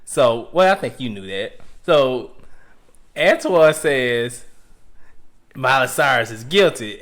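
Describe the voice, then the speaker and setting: A man's voice: fairly high pitch, big pitch swings, slow pace, pauses often, fairly bright tone. A man co-hosting a podcast, telling a funny behind-the-scenes story in loose, profane casual chat and laughing along. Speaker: podcast co-host.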